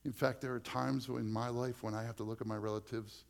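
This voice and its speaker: A man's voice: medium pitch, flat delivery, brisk, creaky. A male pastor preaching a conversational sermon full of personal stories, often dropping to a near-whisper for emphasis.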